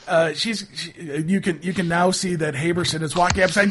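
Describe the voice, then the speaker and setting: A man running a tabletop role-playing game as game master, narrating in a halting way while he searches for words. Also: on the high side, steady tone, a bit bright, a little hiss or hum.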